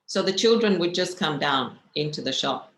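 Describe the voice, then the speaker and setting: A woman, a spiritual teacher, telling stories in a gentle, reflective way and asking her listeners questions. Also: sits low, lively intonation, normal speed. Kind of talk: storytelling talk. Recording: echoey room with faint noise.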